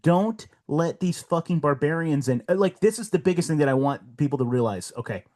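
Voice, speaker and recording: A man's voice: fairly high pitch, expressive, a little fast, mellow. A man guesting on a podcast, ranting bluntly with heavy profanity and heated emphasis. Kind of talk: casual podcast rant.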